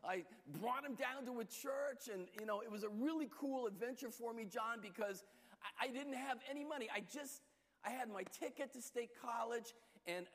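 High-voiced pastor preaching in a reverberant hall. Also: male voice. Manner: storytelling, lively shifts in pitch and loudness. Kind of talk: sermon.

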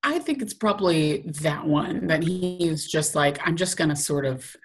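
A woman co-hosting a relaxed podcast over a video call. She is chatty and laughs easily, and her voice sits a little low for a woman. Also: normal speed. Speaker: podcast co-host. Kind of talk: casual chat.

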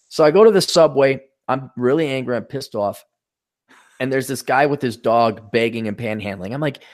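A middle-aged man co-hosting a podcast, telling profane anecdotes in a blunt, animated way. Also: mid-range voice, a little fast. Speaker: podcast co-host. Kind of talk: casual chat, storytelling.

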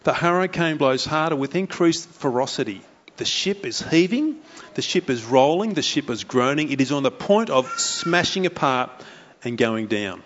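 A man preaches a sermon, retelling a Bible story with lively energy. His voice sits a little higher than most men's. The recording is dull and lo-fi. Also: moderate pace. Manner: animated storytelling, acting out the sailors' voices.

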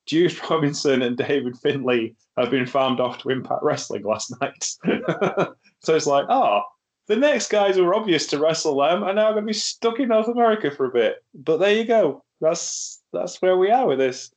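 A man's voice: a little high, animated, normal speed. A man hosting a casual wrestling review chat, laughing often and sounding wry. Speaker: podcast host.

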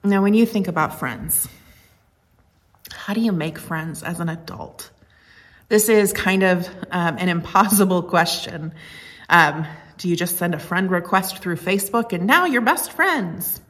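A woman with a fairly low voice preaches a sermon in an easy, conversational way. She is earnest and reflective, and she eases into personal stories with a light touch of humor. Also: a little slow, fairly bright tone. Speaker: pastor.

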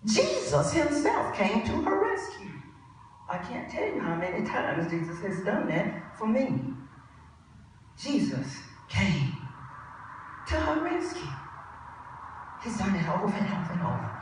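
A woman preacher delivering a sermon with impassioned delivery, dropping to a hush and rising to shouts, in a large church. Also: medium pitch, very animated, unhurried, long pauses, a little hiss or hum. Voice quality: impassioned, swings from hushed to shouted. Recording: echoey church hall from far off.

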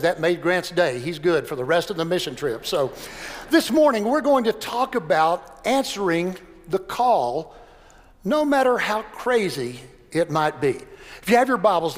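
A man's voice: high-pitched, in a large hall. A man preaching a sermon as pastor, folksy and joking between scripture readings. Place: church sanctuary.

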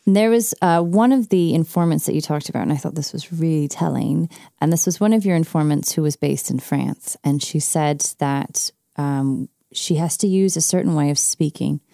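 A woman with a low, gravelly voice interviews a guest, framing long questions and adding firm opinions of her own. Her tone is dark and mellow. The recording is dry and close. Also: moderate pace, hardly any pauses, no echo. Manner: emphatic, opinionated.

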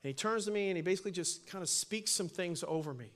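A middle-aged man preaches to his congregation in a fairly high voice. He tells his story in an animated way, and his voice rises and grows loud when he presses a point. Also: fast talker. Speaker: pastor. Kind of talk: sermon with personal story.

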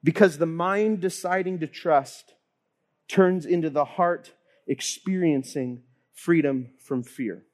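A man's voice: fairly high pitch, slow, darkish tone. A man in his thirties preaching a sermon to his congregation, telling stories with animation and acting out the voices of the people he quotes. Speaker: pastor.

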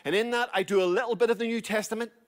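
A middle-aged man preaches to his congregation in a fairly high voice. He presses his points urgently and repeats short commands for emphasis. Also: steady tone, racing. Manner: urgent exhorting preacher, repeats key phrases. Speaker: pastor. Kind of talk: sermon.

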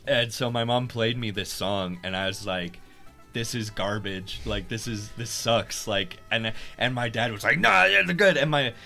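A young man co-hosting a podcast, telling a story in casual chat, swearing often and getting loud when heated. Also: lowish voice, fairly even intonation, measured pace, faint music behind. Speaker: podcast co-host.

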